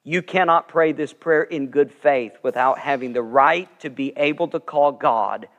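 A man's voice: medium pitch, moderate pace, a bit bright, dull audio. A man preaching a sermon as pastor, telling stories earnestly and swelling with emphasis. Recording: long reverb of a large sanctuary.

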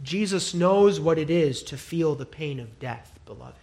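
A male pastor preaching a sermon, emphatic and repetitive, dropping to a hush and rising to loud declarations. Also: a little high, animated, unhurried, creaky. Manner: emphatic, swings from hushed to loud; repeats phrases for emphasis.

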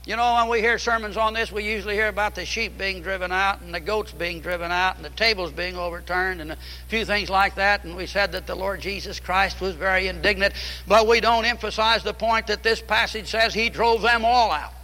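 A man's voice: sits high, steady tone, a little fast, sharp tone, big-room sound, poor audio. A man preaching a fiery sermon, emphatic and repeating key phrases.

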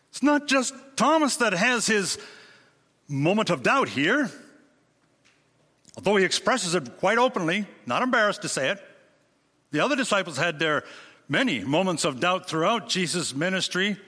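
Male preacher, fairly high and forceful, emphatic sermon delivery in a reverberant church hall. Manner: emphatic, with dramatic swings in pitch and rhetorical questions.

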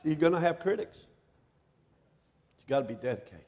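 Middle-aged male preacher, high pitch, shouted peaks and near-whispered lows, long church reverb. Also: sing-song, normal speed. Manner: swings from shouting to hushed, near-whispered passages. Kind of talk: sermon. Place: church sanctuary.

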